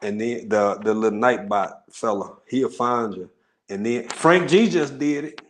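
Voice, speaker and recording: A man's voice: medium pitch, a little slow, a little hiss or hum. A man from Texas with a Texan accent, hosting a livestream and chatting casually with viewers, joking, laughing often and rambling in asides. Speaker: livestream host. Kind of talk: casual chat with live viewers.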